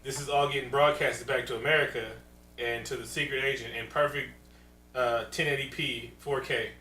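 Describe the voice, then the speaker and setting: A man co-hosting a podcast in casual chat, animated and profane, cracking jokes, recorded in a roomy space from a distant mic with a faint hum. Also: mid-range voice, normal speed. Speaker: podcast co-host.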